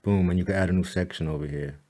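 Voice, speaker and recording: A slightly low-voiced web designer takes a client through site editing in an easygoing screen recording. He rambles in a good-humored, repetitive way, saying "all right" and "boom" often, laughing at himself, and murmuring at the computer when it drags.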